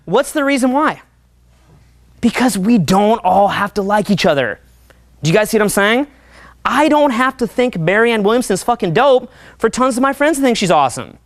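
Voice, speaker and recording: Profane, energetic man lecturing a crowd. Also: high voice, fairly quick, dry recording. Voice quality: profane, energetic, chatty, keeps checking in with the crowd. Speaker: dating coach at a seminar. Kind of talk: live seminar talk to an audience.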